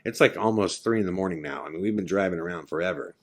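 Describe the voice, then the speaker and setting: A man hosting a podcast, telling a story casually and animatedly, acting out his friends' lines in quick quotes. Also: low voice. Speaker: podcast host.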